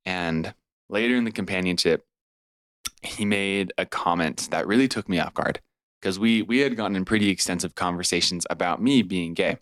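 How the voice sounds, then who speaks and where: A man's voice: low voice, normal speed, fairly bright tone, no room sound. A man in his twenties from California, a podcast guest telling a personal story in conversation. He tells it with energy and acts out what other people said. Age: 20s.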